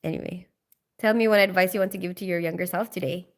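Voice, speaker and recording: A woman's voice: lowish voice, fairly even intonation, fast. A woman hosting a casual live stream, greeting viewers by name and chatting through their questions with frequent giggles. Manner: giggly, laughs often.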